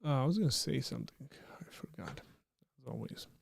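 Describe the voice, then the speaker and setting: A man's voice: mid-range voice, lively intonation, fairly quick, vocal fry, breathy edge. A man hosting a live stream, chatting casually and joking as he reads viewer comments aloud.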